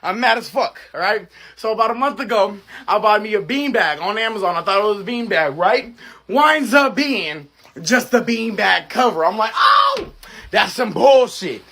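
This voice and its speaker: A man's voice: high-pitched, animated, moderate pace, bright, forceful tone. A young man ranting furiously to camera, cursing and close to tears. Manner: furious, cursing, near-crying rant. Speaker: TikTok creator. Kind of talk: comedic rant to camera.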